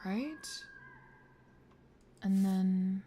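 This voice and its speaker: Slow-talking woman streamer thinking aloud. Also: medium pitch, mellow, slight background noise. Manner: thinks aloud, swears freely; playful, jokes between puzzles. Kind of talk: let's play commentary.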